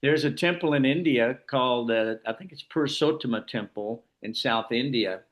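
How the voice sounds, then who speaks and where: A man's voice: medium pitch, normal speed. A man leading an informal scripture class, explaining at length with frequent restarts. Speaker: class leader.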